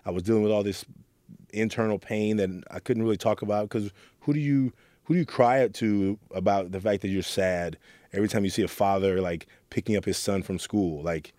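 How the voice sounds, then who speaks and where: Speaking with a low, darkish voice at a brisk clip and with fairly even intonation, this Oakland youth program leader earnestly recounts his past in a reflective interview. He acts out quotes as he goes, and there's no echo.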